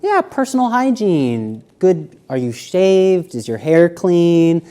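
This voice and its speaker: A man giving a live seminar lecture, walking around and shifting between quiet, slow speech and loud emphasis. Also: on the high side, sing-song. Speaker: seminar presenter. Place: university seminar room.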